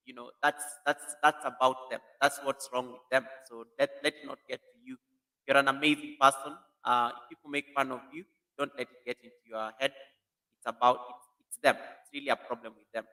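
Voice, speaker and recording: A man's voice: mid-range voice, fairly even intonation, fairly quick, vocal fry, bright, forceful tone. A man hosting a casual live stream, animatedly greeting viewers by name while testing a new computer mic in an echoey room.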